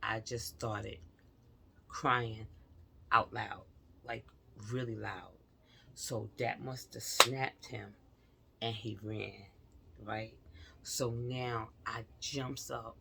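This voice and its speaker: A woman's voice: very deep voice, steady tone, very slow, gravelly, long pauses, noisy background. A woman vlogger recounting a personal experience to her viewers, earnest and confiding, talking straight to them.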